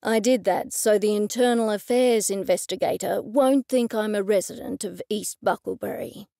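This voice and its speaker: A woman narrator puts on a steady, protective male detective in an audiobook. He speaks hesitantly and earnestly, with a slightly gravelly texture. The sound is dry and close. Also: mid-range voice, moderate pace, no room sound, natural voice. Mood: explaining.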